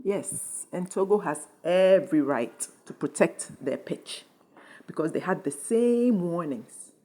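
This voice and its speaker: A woman's voice: lowish voice, lively intonation, slow, dark tone. A woman hosting a commentary channel, speaking with indignant, emphatic passion. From Ghana. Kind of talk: impassioned commentary.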